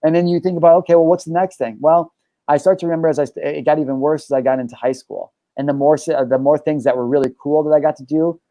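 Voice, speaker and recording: A young adult man talks at a rapid clip in a warm, mellow voice, pressing his points hard and swearing freely as he tells his story. The sound is dry and close. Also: medium pitch, no room sound. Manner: emphatic and profane, telling personal stories. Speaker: show host and life coach. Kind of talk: casual podcast conversation.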